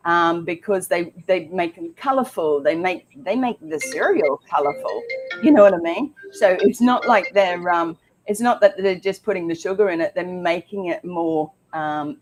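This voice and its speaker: A woman co-hosting a casual health talk show, chatty and emphatic with frequent ums. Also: on the low side. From Australia.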